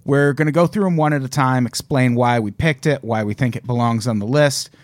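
A man's voice: mid-range voice, fairly quick, dry recording. A man hosting a casual podcast, joking with his co-hosts and laying out the show's rules. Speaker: podcast host.

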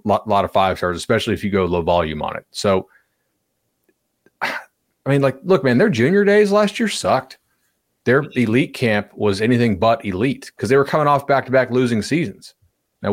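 A man's voice: on the low side, no echo, studio quality. A man co-hosting a sports podcast, talking in a loose, rambling way with restarts. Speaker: podcast co-host. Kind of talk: casual sports chat.

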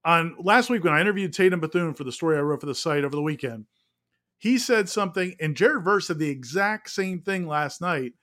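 A man co-hosting sports talk radio, explaining his points in a measured, conversational way. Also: a little high, expressive, fairly bright tone. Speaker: sports radio co-host and writer.

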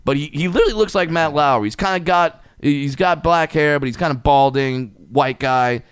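A man casually telling a profane, animated story in a podcast chat, getting louder and higher as it builds. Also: moderate pace, clear, resonant tone, no echo, clean studio sound.

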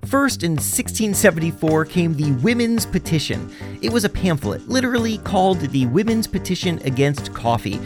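Male podcast host; wry, animated scripted narration with light music under it. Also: high voice, normal speed. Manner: wry, jokey, animated storytelling.

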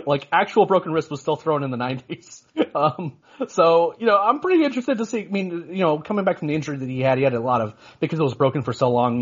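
Fast-talking, husky podcast co-host man. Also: fairly high pitch, highs cut off. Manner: rambling, many restarts and "you know"s. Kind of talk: casual sports podcast chat.

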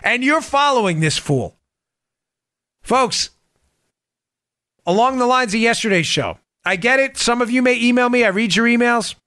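A man hosts a political podcast in a bright, high voice. His delivery is animated and sarcastic, and he often slips into mocking impressions. The sound is dry and close, with no room echo. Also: moderate pace, pauses often. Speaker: podcast host. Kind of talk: political commentary monologue.

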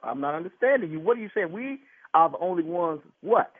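A husband on a phone call, indignant and repeating himself as he gets angrier, with a husky voice. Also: high voice, lively intonation, fairly quick, no room sound. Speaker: prank call target. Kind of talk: heated phone argument. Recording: tinny phone line.

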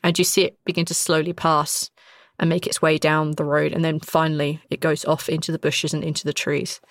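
A woman's voice: sits low, level tone, fairly quick, no echo, clean studio sound. A woman narrating as game master in a casual tone, full of fillers. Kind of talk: narrating a tabletop role-play.

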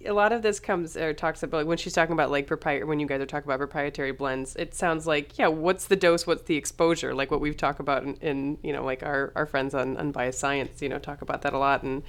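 A woman co-hosting a podcast who chats casually, laughs easily and acts out little quotes in lively voices. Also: deep voice, fast talker, few pauses.

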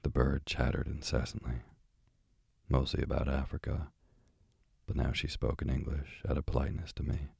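A man reading a children's story aloud, narrating in an even, unhurried way. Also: extremely low pitch, creaky, slightly rough, dry recording. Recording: dry, close recording.

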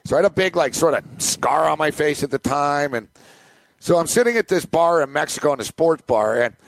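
A middle-aged man hosting a sports betting podcast, telling a rambling, animated anecdote in casual chat. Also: on the high side, a little fast, dry recording. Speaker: podcast host. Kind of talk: casual storytelling.

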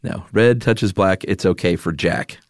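Male podcast co-host, very low pitch, dry close mic, playful and chatty. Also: measured pace, no room sound. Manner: jokey, laughs often, reads from notes. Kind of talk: casual podcast chat.

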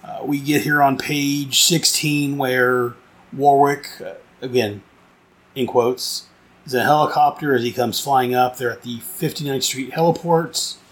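A man's voice: mid-range voice, steady tone, a little slow, a bit bright. A man casually reviewing a comic book, rambling and enthusiastic, with frequent restarts and fillers.

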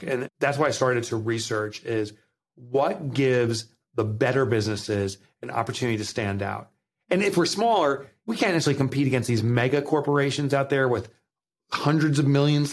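A man's voice: medium pitch, fairly quick. A man with a New Jersey accent, a guest author talking emphatically in a podcast interview. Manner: emphatic, animated, motivational.

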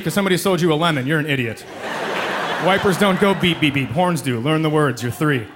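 A man's voice: fairly high pitch, a little fast. A man in his thirties doing a sarcastic stand-up comedy set on a club stage, jumping into mocking voices. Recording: live club recording with crowd laughter and noise.

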